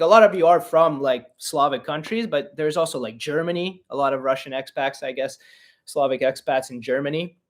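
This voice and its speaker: A man in his twenties from Canada, a comedian rambling and joking his way through a casual livestream Q&A. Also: on the high side. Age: 20s. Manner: rambling, joking, self-deprecating. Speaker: comedian and podcast host.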